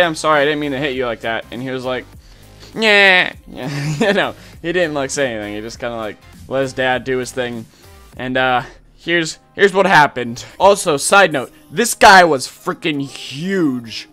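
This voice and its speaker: A young man hosting a gaming channel, telling a casual story with lots of "like" fillers and animated retelling. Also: fairly high pitch. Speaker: YouTube gaming channel host.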